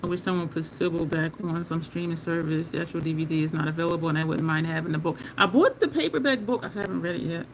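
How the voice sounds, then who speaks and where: A woman's voice: fairly low pitch, quick pace, few pauses, a little hiss or hum, rough recording. A woman beauty vlogger in casual chat while doing her makeup, answering viewer comments and laughing often.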